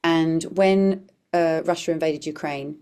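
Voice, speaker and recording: Brief: low-pitched woman performer, reflective guest storyteller. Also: fairly even intonation, slow, darkish tone, clear, resonant tone. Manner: earnest, reflective, with frequent restarts. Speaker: comedian and performer, podcast guest. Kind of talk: conversational storytelling.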